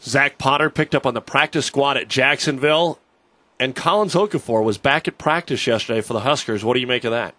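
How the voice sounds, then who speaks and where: A man hosting sports radio, chatting casually with halting restarts. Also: medium pitch, bright, forceful tone, no room sound.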